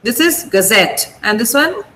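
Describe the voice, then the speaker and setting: A woman's voice: high voice, a little slow, sharp tone, a little hiss or hum, low-quality recording. A woman with an Indian English accent teaching an online vocabulary class, patiently drilling word stress. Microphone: video call.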